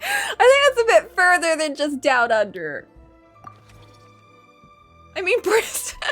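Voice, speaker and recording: A woman's voice: high-pitched, wildly swooping pitch, slow pace, fairly bright tone. A woman streaming a game, chatting casually and joking with frequent giggles. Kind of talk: casual live-stream commentary. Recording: game music behind.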